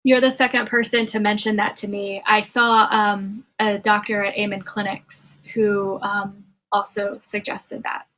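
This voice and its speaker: A woman speaking as a podcast guest, hesitant and pausing often as she explains. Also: medium pitch, flat delivery, a bit bright, rough recording. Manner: hesitant, with frequent um fillers. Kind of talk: interview conversation.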